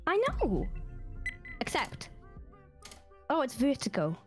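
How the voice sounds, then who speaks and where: A woman's voice: high-pitched, very animated, soft background music. A Welsh woman chatting and teasing her friends while playing a game online, laughing often. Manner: giggly, teasing, quick to laugh. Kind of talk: casual chat while gaming.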